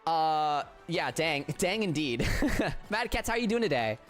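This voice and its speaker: During a game stream, a tired man chats casually with viewers in a fairly high, flat, subdued voice, talking a little slowly and stumbling over restarts. Faint music plays underneath.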